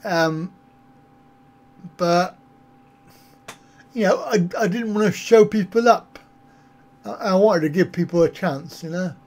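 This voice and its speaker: A travel vlogger answers live chat on a casual stream, his voice high and slow with long pauses. He responds to viewer comments in a rambling, self-mocking way.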